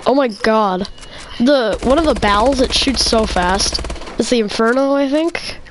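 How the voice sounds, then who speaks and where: A woman's voice: on the high side, measured pace. A young woman gamer chatting during a match, full of dramatic self-mocking complaints. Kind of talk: casual chat while playing an online shooter. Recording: noisy background ambience.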